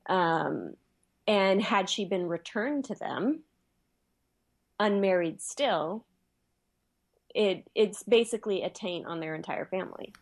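A woman's voice: mid-range voice, animated, takes it slowly, long pauses. A woman in casual conversation, explaining her points in a matter-of-fact way. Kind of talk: casual chat.

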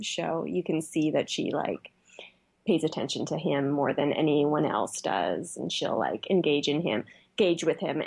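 A woman's voice: sits low, vocal fry, breathy edge. A woman in casual conversation, explaining her points in a matter-of-fact way. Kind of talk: casual chat.

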